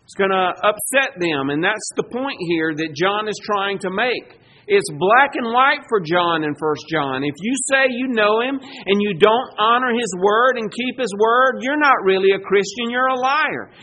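A man's voice: high-pitched, lively intonation, a little slow, bright, forceful tone, a little hiss or hum. A man preaching a sermon, emphatic and rising in volume when he quotes scripture. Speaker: pastor.

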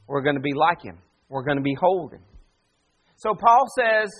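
A pastor preaching a sermon, animated and full of rhetorical questions to the congregation. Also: male voice, high voice.

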